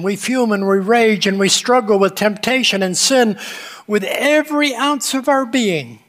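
A man preaching a sermon, telling a story slowly with dramatic pauses. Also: high voice, a bit bright. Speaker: pastor. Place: church sanctuary. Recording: long reverb of a large sanctuary.

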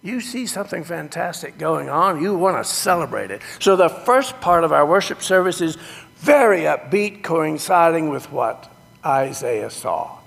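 A man, a pastor teaching his congregation about worship in a sermon, animated with folksy exclamations, in a church sanctuary. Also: on the high side, moderate pace, creaky. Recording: echoey sanctuary reverb.

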